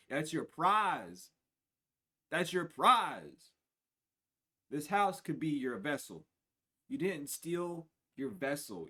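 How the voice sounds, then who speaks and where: Male streamer doing a spiritual reading at a middling pitch, casual and profane, low mutters with sudden loud laughing bursts. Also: breathy edge. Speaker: spiritual reader.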